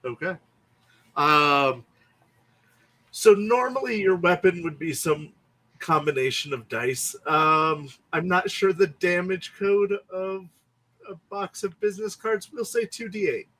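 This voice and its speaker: A man running a tabletop game as game master, easygoing and quick to laugh. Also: sits high, pushed and bright.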